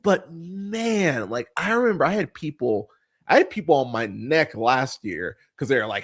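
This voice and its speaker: A man hosting a casual film podcast at an ordinary pitch. He talks bluntly and swears freely. His rambling is full of fillers and restarts. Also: expressive, moderate pace, slightly rough. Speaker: podcast host.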